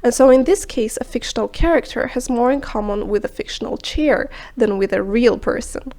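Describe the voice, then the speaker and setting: Woman, high-ish voice, scripted review narration, measured and explanatory, with the odd hushed aside. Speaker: film review vlogger.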